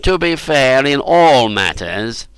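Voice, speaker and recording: A man voicing a cruel, mocking male ruler in an audiobook, speaking loudly and commandingly with drawn-out phrases. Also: medium pitch, big pitch swings, clear, resonant tone, no room sound, voice pushed up, low-quality recording. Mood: cruel command.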